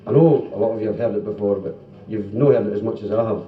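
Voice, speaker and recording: A man's voice: fairly low pitch, quick pace. A Scottish man doing chatty live stand-up, telling jokes to a club audience. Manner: chatty, acts out stammering characters in jokes. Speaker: stand-up comedian. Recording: roomy, distant, dull 1970s live tape. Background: audience laughter.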